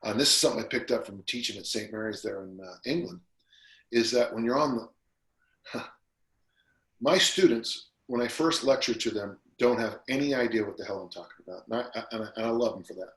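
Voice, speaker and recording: A man who is a strength coach, guest on a podcast interview, telling stories in a lively, casual way and acting out the people he quotes. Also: on the low side, a little fast. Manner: animated storyteller who acts out quotes. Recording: roomy echo.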